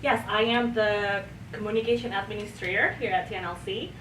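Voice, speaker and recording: A woman guest on a church podcast, chatting about her work in a relaxed and friendly way. She is recorded from a distance in an echoey room. A steady noise runs behind her voice. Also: medium pitch, fairly quick. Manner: friendly, easygoing, with fillers. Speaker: church communications administrator, guest. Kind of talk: casual interview answers. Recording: roomy distant mic with noise.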